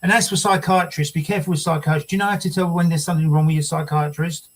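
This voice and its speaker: A man in his sixties hosting a casual talk show, speaking haltingly with repeated words and dry jokes. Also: on the high side, steady tone, rough recording. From United Kingdom.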